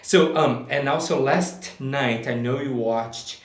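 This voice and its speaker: Eager, halting man in an echoey room. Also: medium pitch. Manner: enthusiastic, halting, many fillers. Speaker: podcast co-host, film reviewer. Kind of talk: casual chat.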